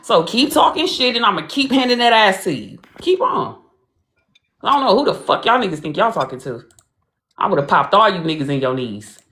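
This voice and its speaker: A woman from Los Angeles hosting a livestream. She speaks in a profane, combative and mocking way, trading insults with a caller in casual chat at a middling pitch. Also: expressive, moderate pace, a bit bright. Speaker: livestream host. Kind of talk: heated casual livestream talk.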